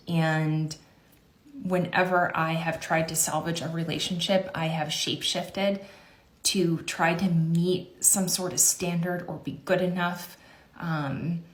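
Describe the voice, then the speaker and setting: A woman speaks about herself in a tired, resigned way. Her voice sits somewhat low for a woman, and the room around her echoes. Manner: weary, resigned. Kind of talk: confessional monologue. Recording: roomy echo.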